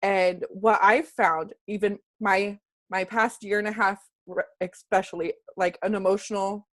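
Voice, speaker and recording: A woman's voice: mid-range voice, fairly even intonation, unhurried. A woman hosting a casual team call, chatty and emotional, often laughing.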